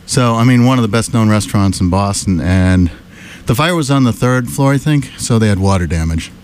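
A man with a fairly low voice chats enthusiastically as a radio guest, giving news and a restaurant review. He is out of breath. A faint noise sits behind him. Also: expressive, brisk, darkish tone. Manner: chatty, enthusiastic storytelling. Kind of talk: casual radio chat.

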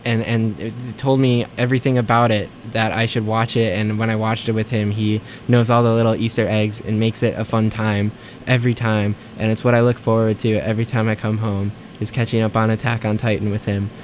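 A man's voice: fairly low pitch, little pitch movement, a little fast, a little hiss or hum. A young man hosting a college radio show, chatting casually and rambling with lots of fillers between songs. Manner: rambling, filler-heavy, self-deprecating.

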